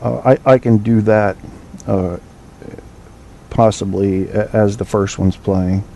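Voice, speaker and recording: A man's voice: lowish voice, steady tone, slow, warm tone, a little hiss or hum. A man hosting a call-in podcast late at night, rambling loosely with profanity and filler. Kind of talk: late-night solo radio show talk.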